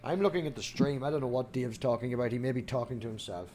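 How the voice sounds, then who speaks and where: A man's voice: medium pitch, quick pace, mellow. A man hosting his own stream, bantering with friends on a group call in a teasing, mock-put-upon way. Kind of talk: casual banter on a video call.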